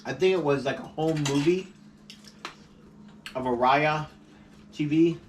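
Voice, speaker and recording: A man's voice: a little high, measured pace. A man hosting a casual home food vlog, playful and chatty, laughing often. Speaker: vlog host. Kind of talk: casual mukbang chat. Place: home dining table. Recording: distant camera mic with faint noise.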